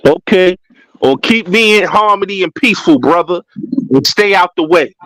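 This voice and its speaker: Man, fairly high voice, brash, profane teasing, dry sound. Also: moderate pace, fairly bright tone, dry recording, low-quality recording. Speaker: caller. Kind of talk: casual chat.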